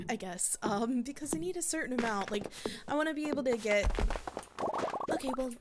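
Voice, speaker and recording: A woman's voice: mid-range voice, heavy background noise. A woman giving casual gameplay commentary as a let's play creator, rambling and thinking aloud with frequent laughs. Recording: loud mouse and keyboard clicks.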